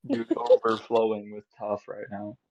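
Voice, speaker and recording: A young man co-hosting a podcast, chatting casually, animated and quick to laugh. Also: lowish voice, dull audio. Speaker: podcast co-host. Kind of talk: casual chat.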